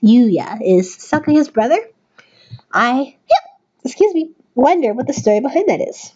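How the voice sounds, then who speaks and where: Tipsy lady doing a let's play, high bouncy voice, kinda muffled audio. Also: sing-song, unhurried, dark tone, faint music behind. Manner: joking, chatty. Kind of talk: game commentary and reading aloud.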